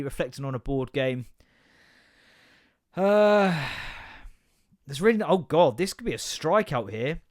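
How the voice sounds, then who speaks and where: A man, hosting a solo podcast, chatting casually, swearing a lot and laughing often as he jumps from rant to rant. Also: medium pitch. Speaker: podcast host.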